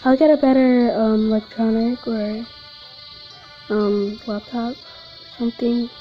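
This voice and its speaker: A woman's voice: a little high, fairly even intonation, unhurried, muffled recording, faint music behind. A woman giving nervous, jumpy, giggly commentary while playing a horror game. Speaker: gamer.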